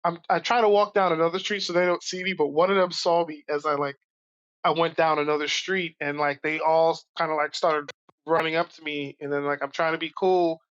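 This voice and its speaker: A man from Brooklyn, a podcast guest telling animated stories from his youth. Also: fairly high pitch, brisk, muffled recording. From Brooklyn, New York. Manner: animated, acts out voices in stories. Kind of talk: casual storytelling.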